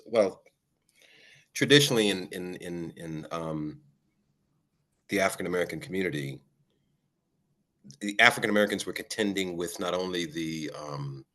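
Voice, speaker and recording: A man speaking as a guest, talking reflectively and measuredly, often pausing on "um" and checking in with "right?". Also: deep voice, a bit bright. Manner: measured, with frequent ums and rhetorical "right?". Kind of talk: reflective conversational talk.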